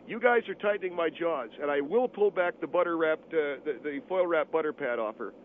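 A man's voice: on the high side, lively intonation, fairly quick, voice pushed up, close to an everyday voice. A man voicing an arrogant middle-aged restaurant owner who pushes bribes of food and brushes callers off. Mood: smug. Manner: arrogant, pushy, bargaining. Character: boastful middle-aged male steakhouse owner. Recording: tinny phone line with faint hiss.

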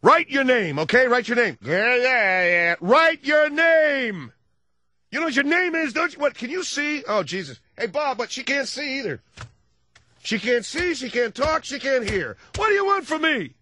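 A man's voice: very high voice, sing-song, moderate pace, pushed and bright, no room sound, voice pushed up, exaggerated voice. A man doing a bellowing drill-sergeant teacher. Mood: raging. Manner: screaming, berating.

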